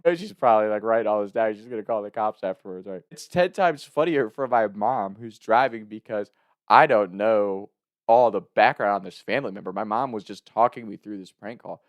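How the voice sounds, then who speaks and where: A young adult man from Kentucky telling a funny personal story, animated and often laughing as he speaks. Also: lowish voice, a little fast, no room sound, clean studio sound. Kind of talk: comic storytelling.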